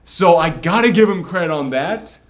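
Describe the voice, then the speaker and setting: Young male co-host, excitable, profane, fairly high voice, casual review banter. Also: normal speed. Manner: excitable, swears freely, acts out quotes. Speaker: co-host of a movie review show. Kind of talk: casual movie review chat.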